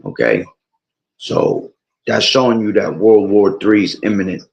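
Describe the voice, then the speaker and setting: A low, gravelly male voice preaches about prophecy from home and reads scripture aloud. He rambles and keeps checking in with "all right?" and "okay?" His voice is hoarse, as if he is losing it. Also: sing-song, unhurried. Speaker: bible teacher streamer.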